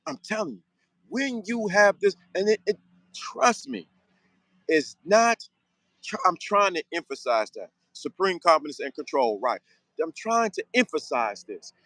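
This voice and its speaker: Male host, motivational rant, repeats himself for emphasis, higher voice, dead-dry sound. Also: big pitch swings, a little slow, sharp tone, dry recording, poor audio. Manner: preachy, emphatic, street slang, repeats phrases. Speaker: show host. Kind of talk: motivational monologue.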